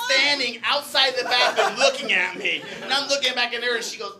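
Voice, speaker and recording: A young man tells a stand-up story on a club stage, his voice pitched high and animated, jumping into shouted punchlines. A live audience laughs along behind him. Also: normal speed, hardly any pauses. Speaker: stand-up comedian. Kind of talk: stand-up comedy set. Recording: live crowd audible.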